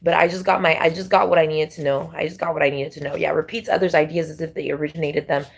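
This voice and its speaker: A woman gives a casual tarot reading, circling back and repeating herself as she talks. Her voice sits slightly low for a woman. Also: fairly even intonation, fast, vocal fry, husky. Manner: rambling, repetitive, heavy on fillers. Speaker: tarot reader.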